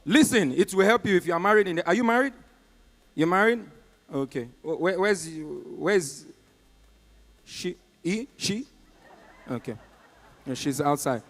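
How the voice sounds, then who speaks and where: A Nigerian man with a Nigerian accent doing live stand-up comedy on stage. He tells his stories in an animated way and keeps talking directly to the crowd. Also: sits high, measured pace, long pauses, long reverb tail.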